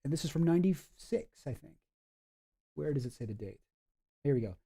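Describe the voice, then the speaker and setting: A man's voice: on the high side, lively intonation, fairly quick, gravelly, mellow, slightly rough. A man giving casual, rambling commentary with lots of fillers, reading documents aloud as he goes.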